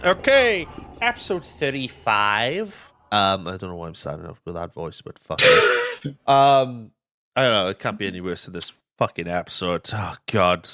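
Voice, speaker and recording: A man's voice: low-pitched, brisk, fairly bright tone, clear, resonant tone, no echo, studio quality. A young man hosting a casual film podcast, rambling, swearing and stumbling over his words. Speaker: podcast host.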